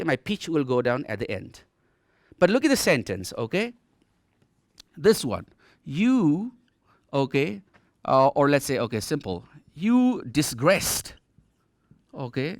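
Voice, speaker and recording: A man's voice: medium pitch, dry recording, clean studio sound. A man with a Nepali accent teaching English grammar in a televised distance-learning lesson, explaining patiently and often checking in with "okay". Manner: explanatory, repeats "okay" often, demonstrates rising and falling tones. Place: TV studio.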